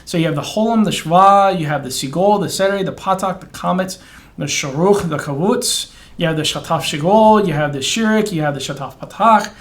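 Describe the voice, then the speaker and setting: A man teaching Biblical Hebrew pronunciation in a casual spoken lesson, stretching out words slowly to model them and checking in with "okay?" after each. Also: high-pitched. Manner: encouraging, informal, restarts and fillers.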